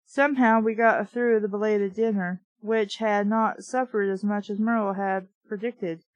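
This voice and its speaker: Woman reading an old novel out loud, snarky side comments, dead dry sound. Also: mid-range voice, fairly even intonation, normal speed, no room sound, muffled recording. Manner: dry, sarcastic interjections. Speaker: book reviewer reading aloud. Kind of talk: comic reading of a novel with sarcastic asides.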